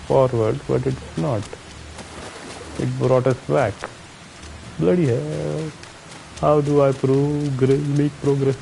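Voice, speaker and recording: A man's voice: medium pitch, creaky, dark tone, a little hiss or hum, rough recording. A man from India with an Indian accent, giving casual commentary on his own gameplay, muttering to himself and chatting with viewers. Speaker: streamer.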